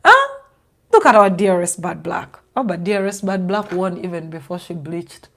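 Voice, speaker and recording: A woman's voice: lowish voice, lively intonation, moderate pace, fairly bright tone. A young woman from Uganda, a vlogger giving sarcastic casual commentary with a lot of laughing.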